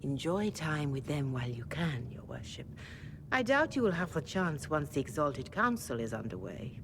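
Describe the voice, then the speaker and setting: Courteous older cleric, low and expressive, game audio with rumble. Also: female voice, moderate pace. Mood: formal. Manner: formal, courteous address. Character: devout older woman cleric, formal and gentle.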